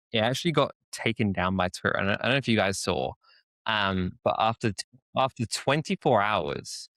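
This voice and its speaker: A fairly low-voiced man with a London English accent, chatting easily as a podcast guest. He tells a long story at an even, relaxed pace. The sound is dry and close. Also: no room sound. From England. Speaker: guest, co-founder. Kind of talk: casual podcast conversation.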